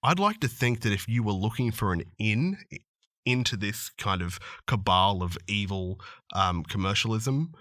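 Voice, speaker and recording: A man co-hosting a podcast, playfully rambling and pitching wild ideas about tabletop games. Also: lively intonation, normal speed, fairly bright tone, no echo, studio quality. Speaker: podcast co-host.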